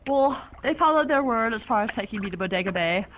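A woman plays a chatty, offbeat young woman on a phone call, her high voice spilling out odd, fancy slang. The sound is narrow and phone-like, with a faint hiss behind it. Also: lively intonation, fast talker, close to an everyday voice. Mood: breezy. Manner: rambling, quirky, odd ornate slang. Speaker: young woman calling a friend. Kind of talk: one-sided phone call monologue in an audio drama.

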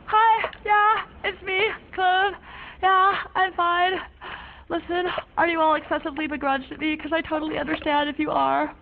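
A woman's voice: very high-pitched, level tone, normal speed, gravelly. An actress playing a young woman on a one-sided phone call, rambling in quirky, ornate slang. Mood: breezy. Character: free-spirited young woman, chatty and offbeat. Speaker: young woman calling a friend. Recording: narrow phone-like sound, faint hiss.

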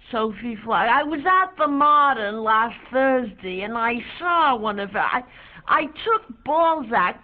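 A woman voicing an elderly lady who reminisces slowly, with hesitant pauses. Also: fairly high pitch. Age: older. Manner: slow, halting, hesitant reminiscence. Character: elderly woman reminiscing, wistful, gentle, rambling. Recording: tinny lo-fi phone-like sound.

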